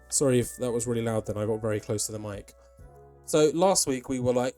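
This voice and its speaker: A man's voice: medium pitch, a little fast, warm tone, faint music behind. A young man giving rambling casual commentary over a wrestling management game, with plenty of ums and asides. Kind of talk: casual let's-play commentary.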